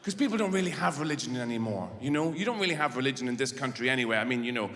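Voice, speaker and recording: A middle-aged Irish man doing stand-up, rambling and halting, then bursting into shouted rants. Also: medium pitch, expressive. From Ireland. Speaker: stand-up comedian. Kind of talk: stand-up comedy. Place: large theatre stage. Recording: live theatre with long reverb and audience noise.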